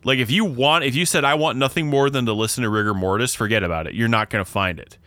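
This podcast co-host speaks fast at a medium pitch, with a bright, forceful tone on a dry recording. In casual chat he spins long, rambling stories that keep looping back, interrupting himself as he goes.

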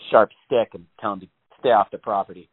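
A man's voice: lowish voice, fairly even intonation, fast talker, husky. Male co-host, rambling and profane, laughs a lot, phone-quality sound. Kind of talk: casual profane chat. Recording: phone-like narrow band.

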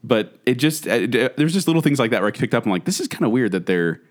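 Animated man arguing playfully. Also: mid-range voice, fast. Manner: animated, teasing, argumentative. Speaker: podcast co-host. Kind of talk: casual debate chat.

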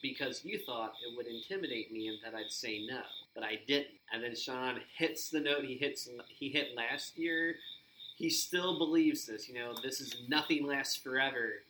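A man co-hosting a podcast, excitedly recapping events and acting out quoted lines in casual chat. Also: mid-range voice, moderate pace, a little hiss or hum, rough recording. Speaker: podcast co-host.

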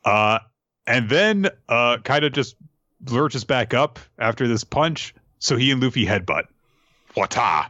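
A man hosting a podcast and casually recapping an episode in an animated way, with quick asides, on a dull lo-fi recording. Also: mid-range voice, no room sound. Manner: animated, retelling fight scenes with quick asides. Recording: dull lo-fi sound.

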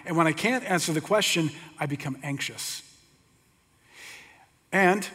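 Middle-aged man, pastor, slightly higher voice; casual, humorous sermon storytelling; long hall reverb. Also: fairly bright tone. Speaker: pastor teaching.

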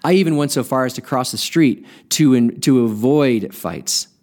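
A podcast host reading a story aloud in an expressive storytelling manner. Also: male voice, medium pitch, moderate pace.

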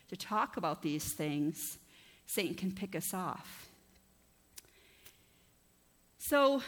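A woman's voice: on the low side, a bit bright. Woman preaching in a reverberant hall. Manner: conversational, asks the congregation "right?" often. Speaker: pastor. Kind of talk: sermon. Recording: long reverb of a church hall.

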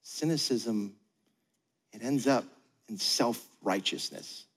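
A man's voice: mid-range voice, slow pace. A man preaching a sermon as pastor, conversational, acting out quoted voices. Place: church auditorium. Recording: long hall reverb.

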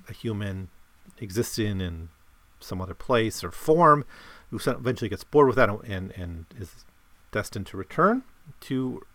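A man in a casual, rambling discussion of a story he has read, with animated bursts. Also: lowish voice, no echo. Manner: rambling, many fillers and restarts, animated bursts. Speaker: podcast host discussing a story.

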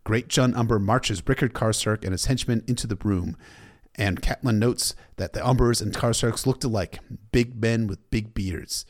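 A man's voice: fairly low pitch, moderate pace. A man recapping a story in a casual, irreverent way, cursing freely. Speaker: book recap narrator.

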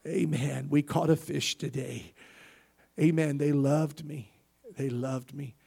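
A male preacher giving a sermon and personal testimony, peppering it with amens as he moves from soft, tearful recollection to loud, emphatic preaching. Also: on the high side, fairly even intonation, slow, vocal fry, slightly rough. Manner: punctuates with frequent "amen".

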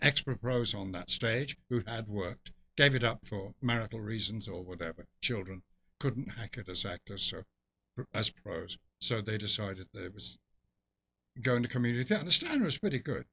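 A man's voice: mid-range voice, sharp tone. Older man spinning a rambling anecdote. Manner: rambling anecdotal storyteller with restarts and laughs. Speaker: guest. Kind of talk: casual storytelling. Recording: dull lo-fi recording.

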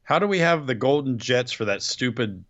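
A man's voice: medium pitch, expressive, moderate pace, a bit bright. Sarcastic man recapping wrestling, lo-fi. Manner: sarcastic play-by-play recapping, quoting wrestlers in mock voices. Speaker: podcast co-host. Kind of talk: casual wrestling recap chat. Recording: dull lo-fi podcast audio.

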